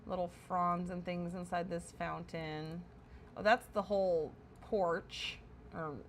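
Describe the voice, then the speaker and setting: Woman streamer, average pitch, casual and chatty, with light background noise. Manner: chatty, self-correcting, wonder-struck. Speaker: streamer touring a game house. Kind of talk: casual live-stream commentary.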